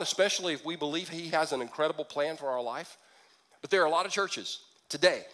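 A man preaching a sermon as pastor, telling the story with lively, jokey asides. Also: on the high side. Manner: lively storytelling with acted-out quips.

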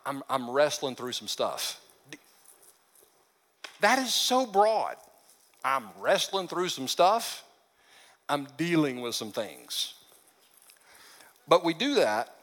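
A man's voice: fairly high pitch, fairly bright tone. A man preaching a sermon in a conversational, humorous way, slipping into character voices for the stories he tells. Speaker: pastor. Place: church sanctuary. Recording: long reverb of a large hall.

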